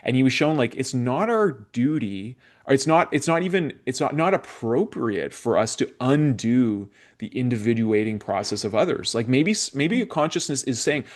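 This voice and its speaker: A man's voice: medium pitch, animated, normal speed, few pauses. A young adult man from Canada hosting a spiritual podcast, telling stories in a casual, rambling way with many fillers and restarts. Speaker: podcast host. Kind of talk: casual conversational interview.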